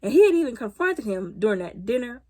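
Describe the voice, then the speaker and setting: A woman talks through a film in a casual, comedic review, retelling the story in animated, colloquial style. Her voice is husky and a little breathy. Her pitch swings widely as she talks. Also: quick pace. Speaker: movie reviewer.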